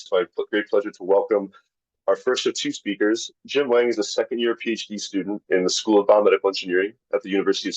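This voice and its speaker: A man's voice: fairly low pitch, slightly rough, dry recording, highs cut off. A man hosting a live online tech talk, introducing speakers and reading sponsor lists in an upbeat way. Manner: upbeat, reads sponsor lists, some restarts. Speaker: webinar host. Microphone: video call.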